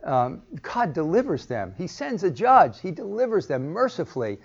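A man's voice: sits high, sing-song, normal speed, gravelly, breathy edge. A man teaching a Bible class, asking the group questions and acting out the lines he quotes. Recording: muffled lo-fi recording.

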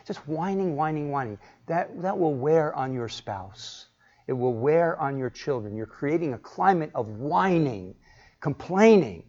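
A man's voice: on the high side, animated, unhurried, darkish tone. A man teaching a Bible class, asking the group questions and acting out the lines he quotes. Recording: muffled lo-fi recording.

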